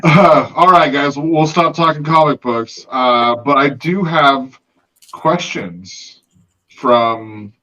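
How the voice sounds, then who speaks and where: A man's voice: mid-range voice, takes it slowly, sharp tone, poor audio. A man hosting a casual podcast in a laid-back way, reading out listener questions. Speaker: podcast host.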